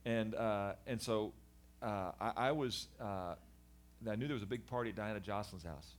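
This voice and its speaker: A man's voice: on the low side, moderate pace. Earnest middle-aged man telling his story. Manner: animated storyteller, acts out voices of people in his story; earnest and reflective, with frequent restarts. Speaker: guest sharing his life story. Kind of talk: candid personal testimony in conversation.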